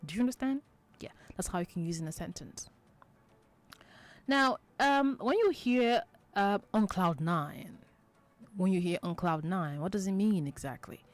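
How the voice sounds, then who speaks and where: A woman's voice: mid-range voice, unhurried. A woman hosting a children's radio show, patiently explaining idioms, repeating each point and checking that listeners understand. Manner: acts out example quotes in lively voices.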